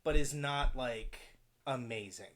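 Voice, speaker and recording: A man's voice: mid-range voice, unhurried, a bit bright. A man hosting a podcast, talking in a joking, opinionated way in casual chat. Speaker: podcast host.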